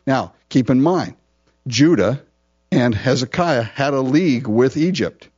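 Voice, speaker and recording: Male pastor, mid-pitched, conversational verse-by-verse teaching, muffled lo-fi recording. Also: expressive, a little slow, a little mellow. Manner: conversational, explains verses in plain asides. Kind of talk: expository sermon. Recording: dull lo-fi recording.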